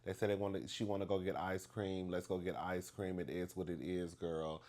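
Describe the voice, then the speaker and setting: A man telling a story to the camera in a chatty, animated way, acting out the dialogue with big emphasis and calling the listener "girl". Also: low-pitched, moderate pace. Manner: acts out dialogue with exaggerated emphasis.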